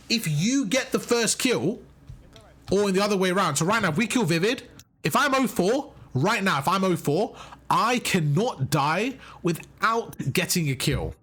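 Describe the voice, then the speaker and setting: A man's voice: sits high, fairly bright tone. A man coaching viewers through match footage, emphatic and often checking in with "right?" and "okay?". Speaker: competitive gaming coach.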